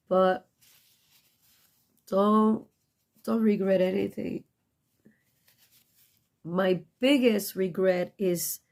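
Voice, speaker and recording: A woman's voice: mid-range voice, gravelly, darkish tone. A middle-aged woman giving a casual tarot reading, blunt and profane, emotional and choking up at times, with non-native English phrasing. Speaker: tarot reader.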